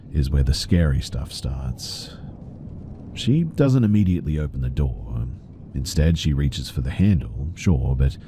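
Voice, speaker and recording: Guy reading a creepy story, super deep dark voice, calm and steady. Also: a little hiss or hum. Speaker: horror story narrator. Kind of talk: scripted first-person story narration.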